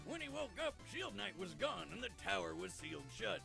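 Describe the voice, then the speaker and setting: An actor playing a rowdy, wisecracking male co-host who cracks loud jokes, from a web show played back. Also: sits high, big pitch swings, fairly quick, creaky, over music, full character voice. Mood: joking. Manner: wisecracking, loud jokey delivery.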